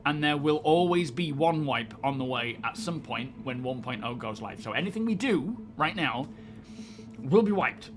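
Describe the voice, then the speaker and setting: Guy chatting on his stream, rambly and laid back, faint music behind. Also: mid-range voice. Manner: rambling, chatty, greets viewers. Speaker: live-stream host. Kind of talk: casual live-stream chat.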